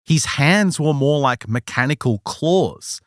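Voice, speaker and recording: A man a little under the weather recounts an eerie tale in relaxed podcast chat. His voice rises and falls a lot as he tells it, and the sound is close and dry. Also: a little high, takes it slowly, dry recording. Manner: lively, laughs often while telling. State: a little sick. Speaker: podcast co-host. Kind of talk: casual storytelling chat.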